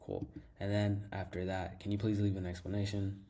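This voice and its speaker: A man with a low, deep voice guides viewers through a software demo in a casual, upbeat way. His tone is mellow and relaxed, and he leans on fillers and restarts as he explains each step. He sounds like he is talking into a desk mic while sharing his screen. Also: normal speed, a little hiss or hum. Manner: enthusiastic, fills with "like" and repeats himself. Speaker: tutorial host. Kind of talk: casual screen-share tutorial.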